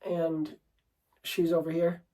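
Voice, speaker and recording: A man's voice: a little high, monotone, slow, warm tone, rough recording. A man coaching on dating, talking unscripted to the camera in a brash, swearing, rambling way, and calling the listener bro and dude.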